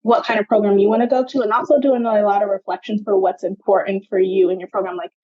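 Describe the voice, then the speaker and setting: A woman's voice: medium pitch, steady tone, quick pace, dull audio. A young adult woman, a genetic counselor, answering interview questions in a chatty way, often saying "like".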